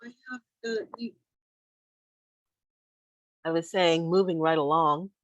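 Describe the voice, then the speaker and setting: A woman's voice: deep voice, slow pace, no room sound, muffled recording. A woman hosting an online open mic, talking hesitantly with fillers as she moves the show along.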